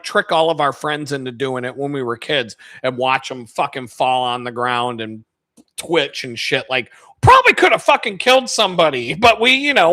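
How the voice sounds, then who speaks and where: A man hosting his own video, telling a rambling, profane story with lots of laughter and sudden loud stretches. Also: high-pitched. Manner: profane, laughs a lot, gets loud retelling stories. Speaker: video host.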